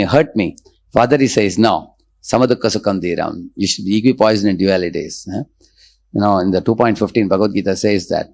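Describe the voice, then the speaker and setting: A man's voice: on the low side, darkish tone. A man giving a scripture lecture, often tagging sentences with "huh?" and "hmm" and reciting Sanskrit verses. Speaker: spiritual teacher.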